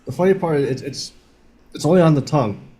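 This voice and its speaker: A man's voice: a little high, lively intonation, fast talker, dark tone. A man co-hosting a casual sports podcast, easygoing and laughing things off as he eats hot wings on a bet. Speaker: co-host.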